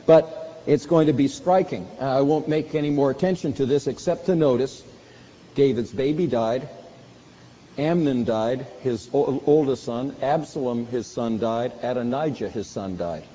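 A man's voice: mid-range voice, moderate pace, dark tone, slight background noise. A man preaching a sermon, with dramatic bursts when he acts out quoted lines. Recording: dull sound with long hall reverb.

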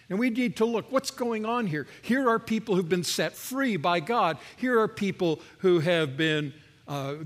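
A man's voice: high-pitched, long reverb tail. A man preaching a sermon in a church, telling the story vividly and pressing the point with rhetorical questions. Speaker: pastor.

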